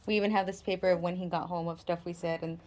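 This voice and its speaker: With a fairly low, slightly mellow voice and fairly even intonation, a woman who is a mother rattles off a personal story to the camera at a fast clip. She's conversational, leans heavily on "like," and frequently performs the voices of those she's quoting.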